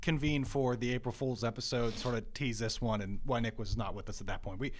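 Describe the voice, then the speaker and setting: A man's voice: mid-range voice, fairly even intonation, a little fast. A man co-hosting a podcast, chiming in with dry, wry remarks during casual chat. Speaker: podcast co-host.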